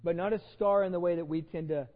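A man's voice: fairly high pitch, steady tone, fast talker, big-room sound, phone-quality sound, soft background music. A pastor with a Texan accent, preaching a conversational sermon, often repeating words as he starts a phrase. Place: church sanctuary.

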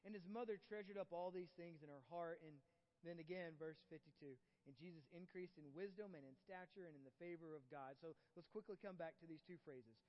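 High-voiced preacher in an echoing church hall. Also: male voice, brisk. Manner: conversational preaching, checks in with the congregation. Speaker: pastor. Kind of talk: sermon. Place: church sanctuary. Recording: reverberant hall, dull muffled audio, soft guitar.

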